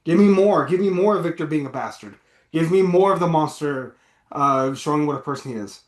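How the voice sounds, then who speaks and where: A man's voice: a little high, brisk, echoey room. A man co-hosting a movie review podcast, talking in a loose, rambling, profane way. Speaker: podcast co-host. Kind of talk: casual movie review chat.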